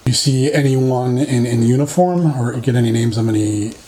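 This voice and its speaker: A woman's voice: a bass voice, moderate pace, dark tone. A woman paranormal investigator asking brief probing questions from a distance. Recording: distant from mic, faint hiss.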